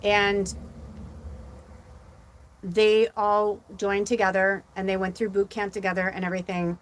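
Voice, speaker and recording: A woman's voice: medium pitch, level tone, a little slow. Middle-aged woman, psychic medium host, casual rambling livestream talk, emotional, near tears. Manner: rambling, heavy use of "like" fillers.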